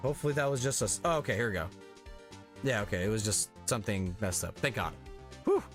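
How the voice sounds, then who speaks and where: A young man talking casually over a video game he is playing, playful and quick to curse. His voice swings lively in pitch, and game music plays behind him. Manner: playful, swears, reacts loudly. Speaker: let's play streamer voicing game characters. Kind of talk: casual gameplay commentary.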